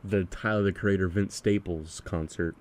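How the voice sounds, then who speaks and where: Earnest low-voiced man hosting a podcast. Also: fairly even intonation, normal speed, a little mellow, a little hiss or hum. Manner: earnest, repetitive, leading questions. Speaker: podcast host. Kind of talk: casual music chat.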